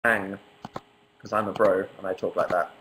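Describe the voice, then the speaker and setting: A man's voice: low-pitched, little pitch movement, fast talker, fairly bright tone, a little hiss or hum, poor audio. A young English man chatting casually on a livestream from his apartment living room, reading viewer comments aloud with a wry, self-mocking humor. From England. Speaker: livestream host.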